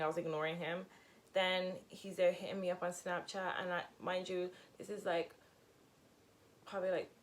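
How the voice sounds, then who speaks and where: A woman's voice: on the low side, slight background noise. A young adult woman in a casual storytime vlog, telling her story candidly and expressively, with lots of fillers and swearing. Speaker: vlogger.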